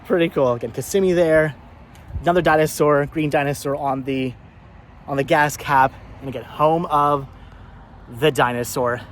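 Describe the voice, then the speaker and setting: A male vlogger talking excitedly outdoors at a roadside car wash, repeating himself and laughing often as he shows things to the camera. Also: fairly high pitch, normal speed. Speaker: vlogger host. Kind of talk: casual vlog narration. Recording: outdoor recording with faint road noise. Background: faint traffic and honking.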